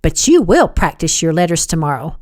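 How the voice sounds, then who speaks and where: A woman voicing a stern young mother who talks slowly and firmly in an audiobook. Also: deep voice, sing-song, darkish tone, dry recording, studio quality. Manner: slow, clipped, firm. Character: stern, sharp young mother, cold temper.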